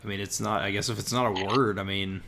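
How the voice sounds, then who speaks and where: A man from the United States chats as a podcast host in a low voice. He talks casually, stopping and restarting his sentences. A faint noise sits under the recording. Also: fairly even intonation, gravelly, bright, forceful tone. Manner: halting, restarts with many likes. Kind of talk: casual chat.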